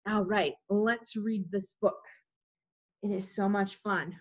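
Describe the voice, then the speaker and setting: At a library storytime, a woman talks straight to the preschoolers while reading them a picture book in a lively, animated way. She speaks slowly at medium pitch, with background noise audible.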